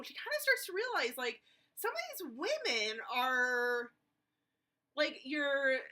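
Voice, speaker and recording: Chatty, bright high-voiced woman reviewer. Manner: rambling, lots of fillers, blunt and jokey. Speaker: movie reviewer. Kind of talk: casual spoken film review.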